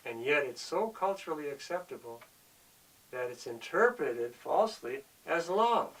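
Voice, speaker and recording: A man's voice: on the high side, lively intonation, measured pace, fairly bright tone, recorded from a distance, poor audio. A man delivering an earnest, preachy monologue, often repeating himself as he presses his point. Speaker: speaker of the show.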